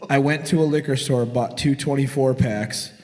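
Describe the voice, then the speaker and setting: A forty-year-old man trades loud, profane tales with his friends in a garage podcast. His voice sits at an ordinary middle pitch, and it carries a long, ringing reverb. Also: fairly even intonation, normal speed. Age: 40s. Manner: profane, boisterous, swaggering. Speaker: podcast co-host. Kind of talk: casual storytelling chat.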